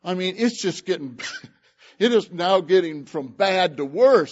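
A man preaching a sermon, retelling a scripture story with lively acted-out voices. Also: high-pitched, unhurried, highs cut off. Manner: animated storytelling, acts out the characters.

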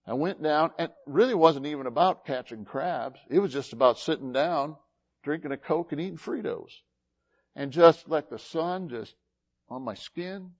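A man preaching a folksy sermon as pastor, with sudden rises and drops in loudness. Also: a little high, highs cut off. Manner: folksy, animated preaching with big swings in loudness.

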